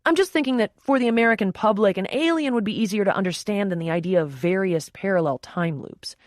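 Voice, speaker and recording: A woman voicing a booming, pushy male film producer who talks in a loud, breezy, casual way. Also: fast talker, no echo, clean studio sound, close to an everyday voice.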